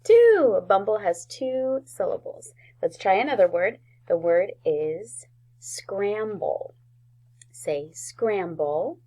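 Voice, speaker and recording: A woman teaching a recorded phonics lesson to first graders, sounding out words slowly and clearly with gentle encouragement. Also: medium pitch.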